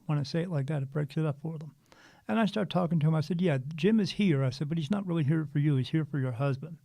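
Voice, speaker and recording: Earnest gravelly man telling a story. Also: a little high, fast talker, dry recording. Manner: earnest, animated storyteller with frequent restarts. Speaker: spiritual medium guest. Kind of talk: casual storytelling interview.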